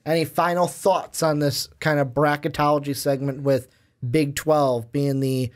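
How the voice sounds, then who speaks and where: A man's voice: on the high side, flat delivery, measured pace. A man co-hosting a casual sports podcast, chatty and jokey as he talks through games and picks. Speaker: podcast co-host.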